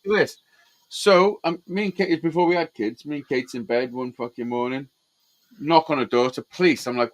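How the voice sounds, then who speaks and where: A man telling stories in an animated, sweary way in casual chat. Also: a little high, fairly quick. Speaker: host.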